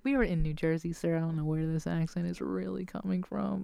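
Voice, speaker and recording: Low-voiced woman telling a story, laughing. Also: fairly quick, gravelly, hardly any pauses, clean tone, no room sound, studio quality. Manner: laughs often mid-story, animated retelling with quoted voices. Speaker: podcast host. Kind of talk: casual storytelling.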